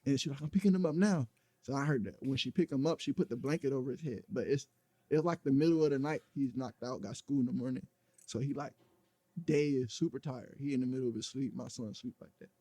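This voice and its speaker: A man's voice: mid-range voice, dark tone, dry recording. A man recounting a personal story in an interview, blunt and profane, rambling with plenty of fillers. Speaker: interview guest.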